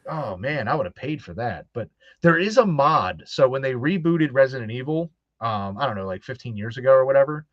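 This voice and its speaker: A man hosts a laid-back chat, speaking briskly in a mid-range voice with lively intonation. He acts out the voices in his animated stories and laughs often. The recording is dry, dull and lo-fi.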